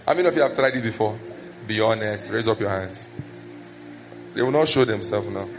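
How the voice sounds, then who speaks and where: A man's voice: fairly low pitch, brisk, soft background music. A man with a Nigerian accent preaching a sermon as pastor, acting out gossip and scolding in a raised voice. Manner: animated, acts out scolding and village gossip in raised voice.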